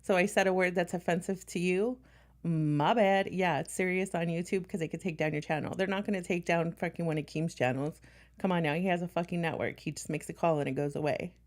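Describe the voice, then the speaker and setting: A woman's voice: fairly low pitch, fairly even intonation, brisk. A woman talking on a casual livestream in a blunt, defiant way, swearing often.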